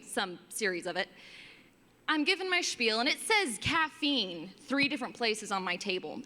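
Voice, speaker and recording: A young woman delivers stand-up with an animated, swooping pitch that jumps up when she acts out customers. Her voice is bright and bold, and it rings through a hall with a long reverb. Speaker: stand-up comic. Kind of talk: stand-up comedy set.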